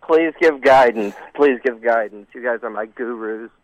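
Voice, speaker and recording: A man's voice: mid-range voice, normal speed, dry recording. A man calling into a show, telling a long story in a rambling way with many restarts and fillers. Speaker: caller. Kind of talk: call-in phone story. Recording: dry tinny phone line.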